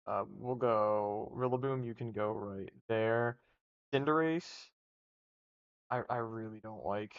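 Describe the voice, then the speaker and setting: A man's voice: on the low side, slow. Offhand young man ranking things. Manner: offhand, rambling, with restarts and swearing. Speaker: streamer. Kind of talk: casual livestream commentary. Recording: dull lo-fi stream audio.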